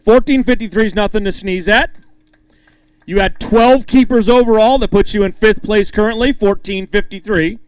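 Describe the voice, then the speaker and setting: High and smooth at a moderate pace, a man emcees a fishing tournament weigh-in. He calls anglers to the stage, reads their weights, and jokes around, keeping things upbeat as he pumps up each competitor.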